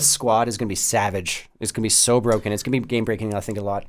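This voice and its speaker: A man's voice: medium pitch, fairly even intonation, fast talker, few pauses, a little mellow, clean tone. A man co-hosting a casual podcast chat, jokey and enthusiastic. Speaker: podcast co-host.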